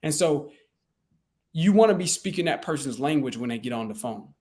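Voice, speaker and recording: A man's voice: fairly high pitch, expressive, moderate pace, darkish tone. Casual man coaching. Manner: conversational, loose, lots of fillers and restarts. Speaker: real estate sales coach. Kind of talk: casual teaching talk.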